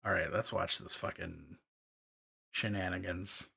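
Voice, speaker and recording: A man's voice: low voice, steady tone, measured pace, creaky, pushed and bright, husky. A man from Baltimore chatting casually on a live stream while painting miniatures alone in his room, profane, rambling and self-mocking.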